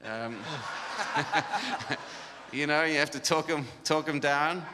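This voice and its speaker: A man's voice: a little high, takes it slowly, background noise. A middle-aged man leading a worship band workshop, talking casually and jokily with frequent laughter. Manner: easygoing and jokey, with frequent laughs. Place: conference hall. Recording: reverberant hall.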